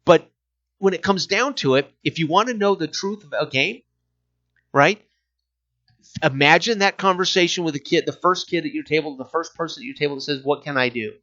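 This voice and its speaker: A fairly high-voiced man talks game design in a loose, animated way, swearing freely and slipping into quick voices to act out scenes from the table. The recording sounds dull and lo-fi. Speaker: game designer and podcast host. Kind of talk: casual design talk.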